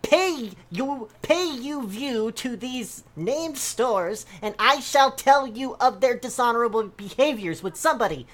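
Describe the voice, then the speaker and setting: A woman's voice: on the high side, animated, unhurried, hardly any pauses. A woman dramatically reading out a forum post in broken grammar, as an indignant poster ranting about scammers. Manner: broken grammar, pompous and outraged.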